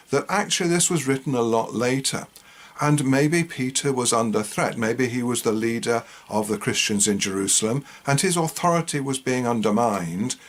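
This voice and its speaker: Musing man with rhetorical asides. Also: medium pitch. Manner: musing, asks rhetorical tag questions. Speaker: host. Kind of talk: casual retelling and commentary on scripture.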